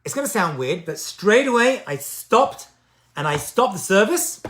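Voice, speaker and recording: A man's voice: sits high, big pitch swings, normal speed, a bit bright. Man giving a conversational recovery talk. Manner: conversational, with frequent "right?" and "you know"; emphatic repetition of key phrases. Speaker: spiritual teacher on addiction recovery.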